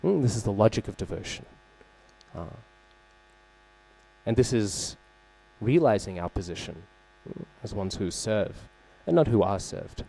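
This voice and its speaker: A man giving a scripture class at a temple, telling a story in a conversational way, often asking "right?" and pausing to search for names and terms. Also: lowish voice, lively intonation, gravelly, warm tone. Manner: conversational, frequent "right?" check-ins and fillers. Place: temple hall.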